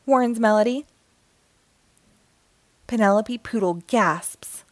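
A woman reading a picture book aloud to children, expressive and sing-song. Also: a little high, slow pace, no echo. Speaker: storyteller.

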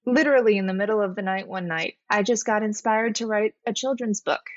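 A woman speaking as a podcast guest in an earnest, reflective way, at a mid pitch. The sound is slightly muffled and lo-fi, with a close, dry quality and no room echo. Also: fairly even intonation, a little fast. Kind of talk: heartfelt interview talk.

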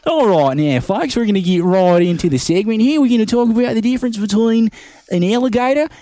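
A man's voice: high-pitched, animated, a little fast, dark tone, no echo. A man impersonating a cheerful young Australian wildlife presenter with an Australian accent, showing animals to a talk show audience. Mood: chipper.

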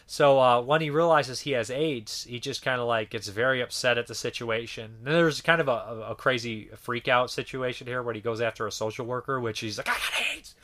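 A man's voice: medium pitch, a little fast, hardly any pauses, fairly bright tone. A man in his thirties reviewing a movie in a casual, rambling monologue, swearing freely and using lots of filler words.

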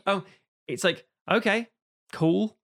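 A man co-hosting a film podcast in casual chat, animated and given to sudden exaggerated quoted voices. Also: sits high, slow pace, creaky. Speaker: podcast co-host.

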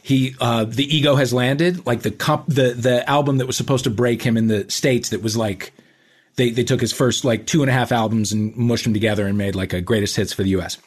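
Male host, mid-pitched voice, excitable and self-deprecating, chatty. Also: fairly quick, breathy edge. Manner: enthusiastic, self-mocking, many fillers. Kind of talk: casual chat, anecdote telling.

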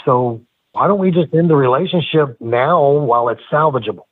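A man's voice: medium pitch, moderate pace, breathy edge, no room sound, phone-quality sound. A man guesting on a wrestling podcast, telling profane, heated stories and acting out the arguments he quotes. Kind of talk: casual storytelling interview.

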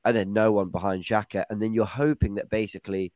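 Podcast host, chatty and teasing, asks the panel stuff, dry close mic. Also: male voice, fairly low pitch, steady tone, quick pace, a little mellow, no room sound. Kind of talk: casual chat.

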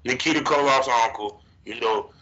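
A man hosting a casual podcast chat, telling animated stories and circling back on his points. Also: medium pitch, normal speed. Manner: animated storyteller who repeats "but see". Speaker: podcast host. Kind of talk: casual conversation. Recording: dull lo-fi recording.

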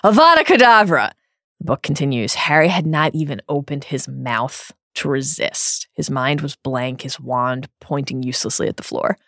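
A woman's voice: extremely low pitch, fairly even intonation, moderate pace, hardly any pauses, a bit bright, dry recording, studio quality. A woman co-hosting a podcast who retells book scenes earnestly and reads passages aloud. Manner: earnest, emphatic storytelling. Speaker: podcast co-host. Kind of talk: reading book passages with commentary.

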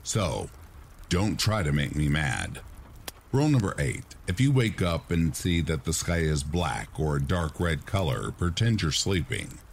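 A man with a deep voice narrates scripted horror stories meant for listeners drifting off to sleep. His delivery is measured and hushed, yet his intonation swings widely from line to line. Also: very animated, vocal fry, slight background noise. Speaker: horror story narrator, channel host.

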